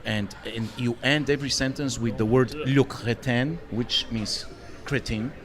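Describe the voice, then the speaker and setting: A man on a podcast panel, opinionated and rambling, getting loud when he jokes. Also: medium pitch, unhurried. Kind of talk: casual panel chat. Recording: crowd noise behind.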